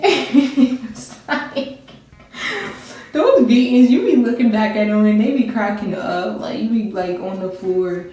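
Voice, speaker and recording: A woman's voice: mid-range voice, unhurried, dark tone. A young woman telling a personal story in casual chat, rambling and laughing as she goes. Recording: very echoey room with faint music.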